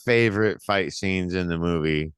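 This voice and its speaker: A man co-hosting a casual film podcast, talking excitedly with lots of swearing and laughter. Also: low-pitched, moderate pace, clear, resonant tone, no room sound. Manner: excited, profane, laughs often. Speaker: podcast co-host. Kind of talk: casual chat.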